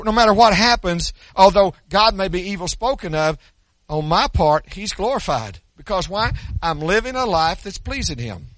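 A man's voice: high voice, a bit bright, no echo. An older man preaching a sermon, swinging between folksy stories and emphatic preaching. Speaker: pastor.

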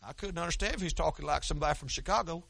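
A man preaching a sermon in a folksy, conversational way with an Oklahoma accent, talking quickly with frequent restarts. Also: on the high side, gravelly, fairly bright tone, breathy edge, dry recording. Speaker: pastor.

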